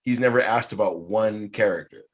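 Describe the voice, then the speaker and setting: A man hosting a podcast in casual chat, animated and swearing freely as he riffs. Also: on the low side, moderate pace. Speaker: podcast host.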